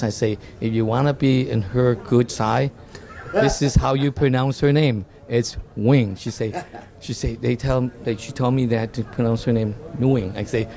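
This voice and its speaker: A man's voice: medium pitch, normal speed, gravelly, mellow. A man, a guest telling stories in a casual interview and often repeating words as he starts a sentence. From Vietnam. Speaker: dental office design guest.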